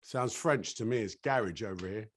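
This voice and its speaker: A man's voice: mid-range voice, normal speed. A middle-aged man with a British accent, chatting casually as an interview guest and laughing easily. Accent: British English. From England. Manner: relaxed, laughs easily, slips into voices. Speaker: actor guest.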